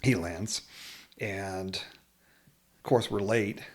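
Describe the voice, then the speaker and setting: A man's voice: on the low side, very slow. A man telling a travel story in casual conversation, laughing and acting out other people's lines.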